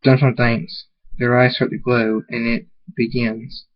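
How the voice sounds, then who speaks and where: A man's voice: mid-range voice, little pitch movement, measured pace. A man reading a story aloud, stumbling and restarting often. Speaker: reader of fan fiction. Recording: muffled lo-fi recording.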